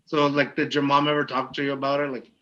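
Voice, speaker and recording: A man co-hosting a laid-back podcast, talking in loose, rambling sentences full of fillers. His voice is bright and forceful. The audio is slightly muffled and lo-fi. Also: mid-range voice, flat delivery, fast. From Texas. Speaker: podcast co-host. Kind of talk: casual podcast interview.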